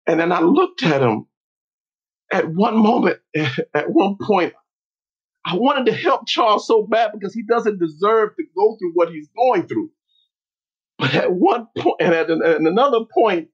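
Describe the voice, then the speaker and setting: A man, a motivational speaker, telling a personal story in a slow, deliberate, dramatic way. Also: high voice, animated, husky. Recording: dull lo-fi recording.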